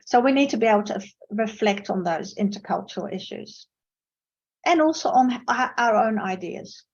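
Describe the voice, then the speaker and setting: A woman's voice: lively intonation, moderate pace, slightly rough, highs cut off. Woman telling lecture anecdotes. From Netherlands. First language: Dutch. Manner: anecdotal, storytelling with emphatic pitch jumps. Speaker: interpreting lecturer. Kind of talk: online academic seminar talk. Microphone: video call.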